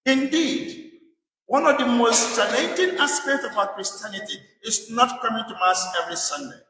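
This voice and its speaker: A priest delivers a sermon in a high, bright voice, pressing his point with repeated rhetorical questions. He sounds distant from the mic, and the church carries a long, echoing reverb. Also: moderate pace. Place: church in England.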